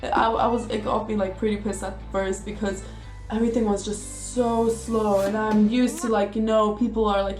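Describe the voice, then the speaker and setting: A woman's voice: mid-range voice, level tone, normal speed, a little mellow. An eighteen-year-old woman from Russia chatting casually to camera as a vlogger, rambling along with lots of "like" and "you know". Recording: echoey room with music behind.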